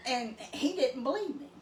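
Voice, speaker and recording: She's an East Texas woman with a Southern accent, co-hosting a cooking show and telling loose, folksy stories about family in a casual way. Her voice sits high and sounds expressive and unhurried. The mic is distant in an echoey room, with faint noise.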